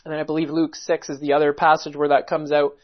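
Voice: medium pitch, little pitch movement, fast, muffled recording. A preacher giving a methodical expository Bible teaching sermon, explaining the text word by word and asking rhetorical questions.

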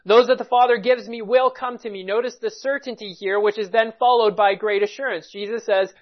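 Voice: medium pitch, steady tone, brisk, hardly any pauses. Emphatic preacher on a dull lo-fi recording. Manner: emphatic, repeats key points and reads scripture aloud. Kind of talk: expository Bible sermon.

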